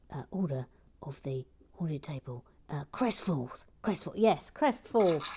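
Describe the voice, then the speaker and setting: A woman with a lowish voice hosts a live building stream, chatting casually in a soft, often half-whispered tone while reading out viewer comments.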